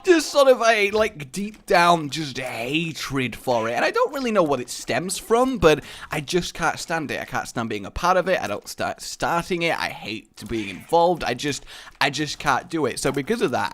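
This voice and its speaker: A man's voice: fairly high pitch, very animated, normal speed, a bit bright. A man hosting a gaming video, rambling through jokey, casual commentary while he plays and swearing freely.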